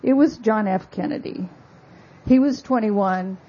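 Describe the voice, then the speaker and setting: A woman author giving a talk about her book, telling stories in a measured, wry way with asides. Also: medium pitch, dull audio. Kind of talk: lecture-style talk.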